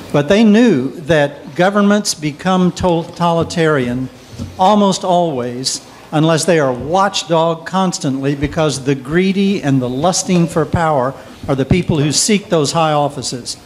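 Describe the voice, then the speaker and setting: A man from the audience makes a measured, opinionated comment in a public debate. His voice is somewhat high. Faint noise sits in the background. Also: a little mellow. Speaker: audience member.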